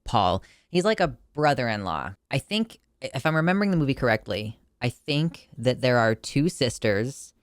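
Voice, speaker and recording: A man's voice: mid-range voice, very animated, normal speed, hardly any pauses, clean tone, dry recording, clean studio sound. A man reviewing a film in a casual video, talking in a chatty, emotional way with lots of fillers and restarts.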